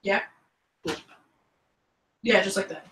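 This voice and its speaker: A woman playing a tabletop role-playing game, joking and animated. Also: fairly high pitch, moderate pace, distant mic. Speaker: player. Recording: echoey room.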